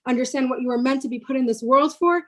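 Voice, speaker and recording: A woman's voice: high voice, quick pace, fairly bright tone. A woman panelist on a video call, speaking earnestly and reflectively on a spiritual topic and repeating words for emphasis.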